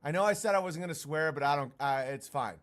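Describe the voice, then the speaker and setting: A man streams a profane, mocking ranting monologue in a fairly high, fairly bright voice at a quick pace. He keeps slipping into sarcastic put-on voices for impressions.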